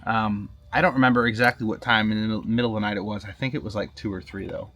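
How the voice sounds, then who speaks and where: A man's voice: fairly low pitch, steady tone, very fast, fairly bright tone, slight background noise. A man vlogging with his partner, explaining things casually and checking in with "right?" tags. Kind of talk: casual chat.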